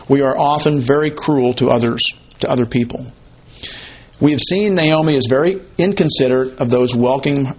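A man's voice: mid-range voice, breathy edge, poor audio. A man teaching a Bible sermon, repeating key phrases and posing and answering his own questions. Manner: conversational, asks and answers questions. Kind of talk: expository sermon.

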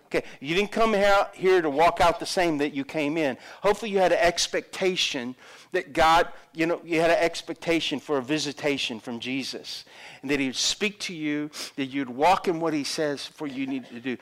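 A man's voice: fairly high pitch, moderate pace, a bit bright. A middle-aged man preaching a sermon as a pastor, acting out the voices of people in the Bible story.

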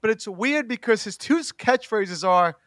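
A man's voice: high-pitched, lively intonation, measured pace, a bit bright, no echo, studio quality. A young man hosting a casual chat, rambling with lots of "like" and frequent laughs. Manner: rambling, heavy use of "like", laughs often.

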